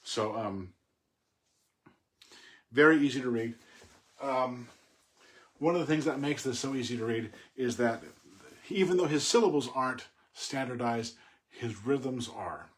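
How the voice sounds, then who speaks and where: A middle-aged man talking casually about a poem he admires, thoughtful and halting, with many fillers and restarts. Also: medium pitch. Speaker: poet discussing a poem. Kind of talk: casual spoken commentary on poetry.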